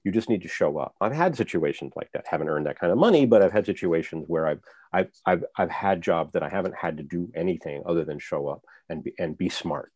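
A man with a very low, mellow voice, reflecting aloud as an interview guest. He works through his points with examples. The sound is dry and close to the mic. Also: animated, quick pace, slightly rough, dry recording. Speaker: author, guest. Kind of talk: conversational interview.

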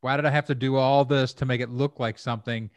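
A man talking through ideas in a loose, rambling way, with frequent restarts. His voice sits at an ordinary pitch. The recording is dry and close, with no room sound. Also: fairly even intonation, quick pace, no echo. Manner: rambling, repeats words, thinks aloud. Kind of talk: conversational interview.

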